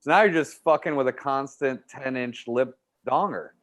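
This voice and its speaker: A man's voice: medium pitch, normal speed, a bit bright. A man in casual podcast chat, teasing the others and laughing a lot.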